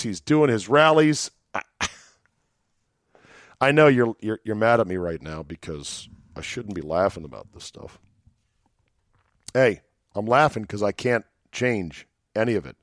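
A man's voice: mid-range voice, no echo, studio quality. A man hosting a solo podcast, talking in a sardonic, rambling way with chuckling asides. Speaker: podcast host.

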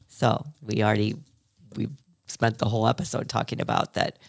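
A woman's voice: very deep voice, level tone, a little fast, creaky, darkish tone. Earnest, reflective woman podcast co-host. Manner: earnest, reflective, talks in restarts. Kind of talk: casual chat.

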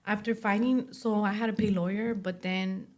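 Young woman guest, casual storytelling, leans on "like", acts out other people's lines, mid-pitched. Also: steady tone. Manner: speaks in quick runs full of "like", acting out what others said. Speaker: interview guest.

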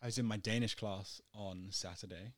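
A man's voice: on the low side, steady tone, moderate pace, no echo. A young man co-hosting a casual chat podcast, telling stories and laughing often. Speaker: podcast co-host.

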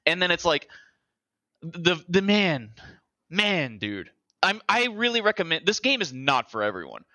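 A young man talks in an animated, loose way, swearing freely and laughing easily. His voice is bright and forceful. The sound is dry and close. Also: sits high, unhurried, no echo. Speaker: podcast co-host. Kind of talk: casual chat.

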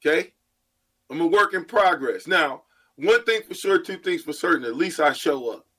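A man co-hosting a sports radio show, joking loudly and acting out stories in casual banter. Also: fairly high pitch, normal speed, breathy edge. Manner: playful storyteller, loud and animated. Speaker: radio co-host.

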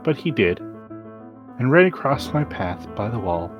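A man hosting a podcast, giving a dramatic reading of a classic story with slow, deliberate delivery and sudden emphatic rises. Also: mid-range voice, big pitch swings, lo-fi sound, music in the background. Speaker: podcast host reading aloud.

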